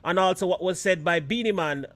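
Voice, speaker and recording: A man's voice: sits high, a little fast, fairly bright tone, dry recording. A Jamaican man hosting a live stream show, chatting casually and mixing patois with standard English.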